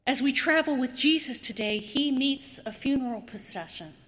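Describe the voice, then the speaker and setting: A woman preaching a sermon, slow and dramatic, with long pauses and repeated words. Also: high voice, lively intonation, fairly bright tone, in a large hall.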